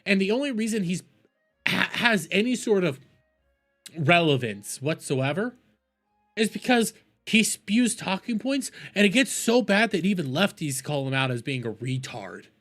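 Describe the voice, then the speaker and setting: A man's voice: sits high, sing-song, unhurried, fairly bright tone, faint music behind. A man ranting profanely in a heated, mocking commentary as a streamer reacting to videos.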